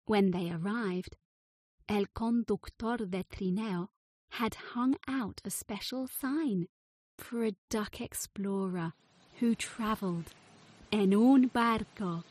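A woman narrating a children's storybook, spacing each phrase out very slowly. Her voice is husky and a bit breathy. The sound is dry and close. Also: mid-range voice, darkish tone, no room sound. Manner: slow, clear storybook reading.

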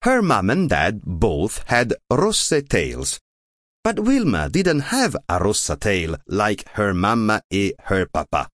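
A man narrating a children's picture book audiobook in a slow, playful way. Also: no echo, clean studio sound. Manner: slow, very lively pitch, playful.

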